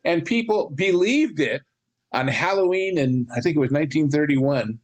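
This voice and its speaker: Man, podcast co-host, rambling anecdotes, casual film chat, slightly high voice. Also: expressive, normal speed.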